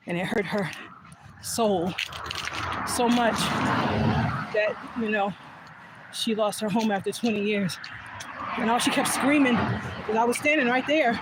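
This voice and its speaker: A woman's voice: fairly high pitch, a little slow, pauses often, very noisy. Emotional woman vlogging outdoors. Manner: emotional, laughing often, trailing into soft whispers. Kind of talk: emotional casual storytelling. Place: outdoors, walking back from voting.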